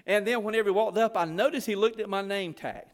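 A man with a high voice talks quickly in a large church hall, preaching a sermon. A former missionary, he tells folksy stories with Southern phrasing.

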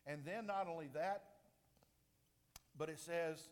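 A man's voice: slow, pauses often. Man preaching in an echoing hall. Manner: emphatic, rises and falls sharply in pitch and loudness. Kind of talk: sermon. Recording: long reverb of a large hall.

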